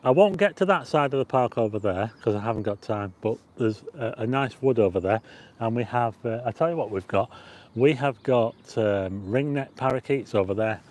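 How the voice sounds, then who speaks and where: A man's voice: medium pitch, normal speed, a little mellow. A man hosting a live walking vlog in a city park, chatting loosely to viewers and greeting them as he goes, on a plug-in mic attached to a phone. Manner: chatty and rambling, greets viewers and reads out chat. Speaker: livestream host. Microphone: plug-in mic on a phone with a stabilizer.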